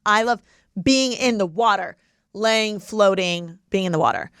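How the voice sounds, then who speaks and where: In a clean, dry studio recording, a bubbly woman in her twenties who lives in LA hosts a casual podcast chat, giggling and using lots of filler words. Her mid-range voice is smooth and fairly bright, and she speaks a little slowly.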